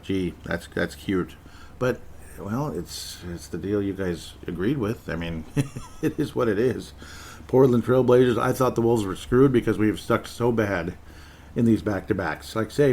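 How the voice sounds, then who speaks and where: Low-voiced man rambling about basketball. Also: slight background noise. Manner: rambling, joking, self-correcting with short laughs. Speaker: sports podcast host. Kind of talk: casual solo sports commentary.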